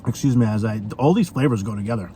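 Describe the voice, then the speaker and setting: Chatty man reviewing fast food. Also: medium pitch, lively intonation, warm tone, a little hiss or hum. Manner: chatty, rambling, with many fillers. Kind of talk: casual food review vlog.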